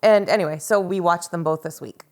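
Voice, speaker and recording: A woman's voice: lowish voice, a little fast. A woman co-hosting a casual movie-review podcast, reading trivia aloud in a dry way. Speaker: podcast co-host.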